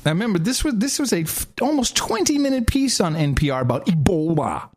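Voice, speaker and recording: A man's voice: high-pitched, sing-song, a little fast, slight background noise. A man co-hosting a talk show, sarcastically mocking news clips and echoing their words. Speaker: podcast co-host. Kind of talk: mocking commentary over played clips.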